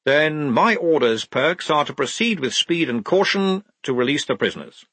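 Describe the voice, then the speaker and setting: A man's voice: on the high side, animated, normal speed, pushed and bright, slightly rough, no echo, pitched above the performer's own voice, heavily acted. A man reading an audiobook, voicing a flustered male officer disguised as a woman, who talks in a quavering, fussy way. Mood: officious.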